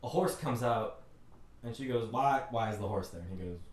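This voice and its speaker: A man's voice: fairly low pitch, normal speed, echoey room, recorded from a distance. A man giving an exasperated, joking recap of a bad movie, putting on mocking voices as he goes. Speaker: movie reviewer. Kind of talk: comedic movie rant.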